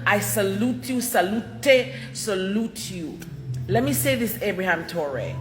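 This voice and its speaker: A woman's voice: mid-range voice, animated, measured pace, reverberant, music in the background. A woman from Jamaica giving a fervent, declamatory video address with emphatic repetitions, recorded in a salon. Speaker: commentator.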